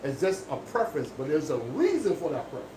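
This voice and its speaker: Man with a high voice, lecturing emphatically. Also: sing-song, fast, dark tone, recorded from a distance. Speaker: barber. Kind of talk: casual barbershop chat. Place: barbershop. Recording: echoey room with background noise.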